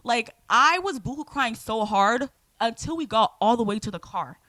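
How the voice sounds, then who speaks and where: A woman in her twenties from Georgia co-hosts a casual podcast, acting out every story with big dramatic flair. Her voice sits a little high and swings widely in pitch. The sound is dry and close, with no room around it. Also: normal speed, no echo. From Georgia, United States. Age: 20s. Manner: animated, dramatic storytelling with acted-out quotes. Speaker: podcast co-host. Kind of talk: casual chat.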